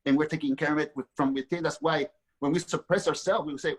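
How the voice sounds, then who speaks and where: Husky, earnest man telling a story. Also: fairly high pitch, fairly even intonation, fast, poor audio. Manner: earnest, repeats words as he builds a thought. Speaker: author and guest. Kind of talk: spiritual storytelling.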